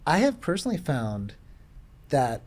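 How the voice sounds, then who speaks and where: A man speaking as a guest in a panel discussion about tech and economics, thoughtful and halting, with frequent restarts and fillers. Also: medium pitch, lively intonation, a little mellow.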